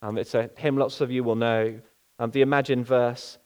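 A man delivers a sermon at a mid-range pitch. He talks earnestly and without hurry, and he slows right down to let the key phrases sink in. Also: flat delivery, a little mellow, clear, resonant tone. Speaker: preacher.

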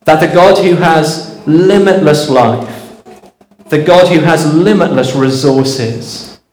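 A man's voice: fairly high pitch, takes it slowly, a little mellow, roomy sound, poor audio. A man preaching a sermon, earnest and storytelling, asking rhetorical questions.

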